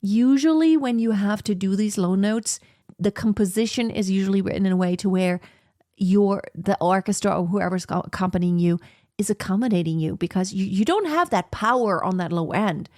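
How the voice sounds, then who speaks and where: A woman teaching singing, explaining slowly and breaking into sung operatic soprano examples. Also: medium pitch, darkish tone, dry recording, studio quality. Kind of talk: vocal lesson with sung demonstrations.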